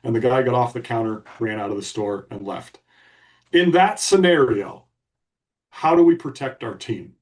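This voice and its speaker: A man's voice: mid-range voice, moderate pace, darkish tone, far from the mic. A man co-hosting a podcast, telling a story in a blunt, emphatic way. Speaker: podcast co-host. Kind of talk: casual storytelling.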